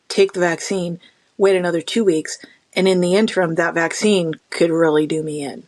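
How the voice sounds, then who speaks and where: A middle-aged woman, a podcast guest, talking in a casual conversational interview with animated storytelling. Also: on the low side, moderate pace, dry recording, clean studio sound. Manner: animated storytelling, acting out quoted people.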